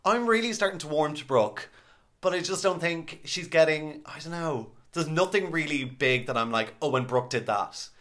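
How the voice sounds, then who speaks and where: A man's voice: a little high, normal speed, fairly bright tone. A man hosting a podcast from home, upbeat and chatty, swearing casually. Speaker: podcast host. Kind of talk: casual chat. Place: home, by a fire.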